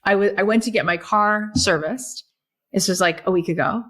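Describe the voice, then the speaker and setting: A woman guest on a podcast, telling stories in a lively, chatty way, full of "like" and "right?". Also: mid-range voice, normal speed. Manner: animated storyteller, many fillers like "like" and "right?". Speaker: guest, author and podcast host. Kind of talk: casual podcast conversation.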